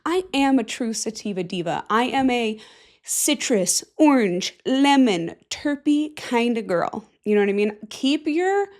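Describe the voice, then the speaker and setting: Goofy lady hosting her own podcast, swears a lot, kinda high voice. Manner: goofy, swearing, self-mocking. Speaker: podcast host. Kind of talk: casual solo podcast chat.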